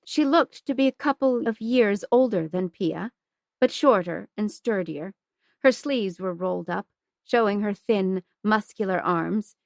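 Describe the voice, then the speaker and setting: Slow, measured woman narrator. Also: mid-range voice, no room sound, studio quality. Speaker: audiobook narrator. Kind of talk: scripted narration.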